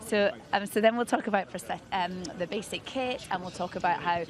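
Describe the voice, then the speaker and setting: A woman's voice: medium pitch, fairly quick. A Scottish woman presenting and rehearsing a live broadcast, chatty and self-deprecating, out in a busy city square. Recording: loud crowd outdoors.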